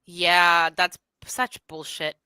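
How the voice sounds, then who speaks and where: A woman's voice: lowish voice, flat delivery, very slow, pushed and bright, clean tone, no room sound. A Canadian woman ranting in casual podcast chat, swearing freely.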